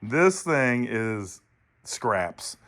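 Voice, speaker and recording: A man's voice: mid-range voice, sing-song, extremely slow, a crowd in the background. A man from Ohio hosting a car vlog, chatting casually and joking, laughing often and swearing freely. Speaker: channel host, car builder. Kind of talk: casual chat to camera. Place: outdoor car lot.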